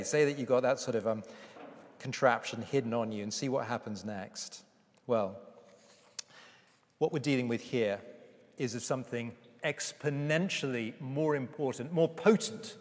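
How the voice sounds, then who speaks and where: A man preaching a sermon with emphasis, slowing down to read scripture aloud. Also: medium pitch. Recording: reverberant hall.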